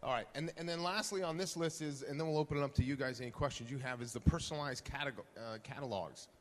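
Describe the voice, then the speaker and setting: A man's voice: medium pitch, fast talker, fairly bright tone, slight background noise. A man moderating a conference panel, polling the audience and handing off to panelists. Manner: upbeat, polls the audience, hands off to panelists. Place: conference hall. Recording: long hall reverb.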